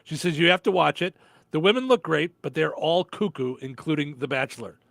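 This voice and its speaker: Older male co-host, dry joker, animated pitch, dead-dry room. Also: fairly quick, vocal fry, no room sound. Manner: dry, teasing quips. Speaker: show co-host. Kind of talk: casual banter.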